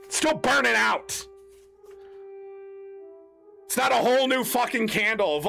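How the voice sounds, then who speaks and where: A man's voice: extremely high pitch, lively intonation, a little slow, creaky, long pauses, pushed and bright, faint music behind. A man ranting in exasperated, emphatic commentary as a gaming content creator, swearing often.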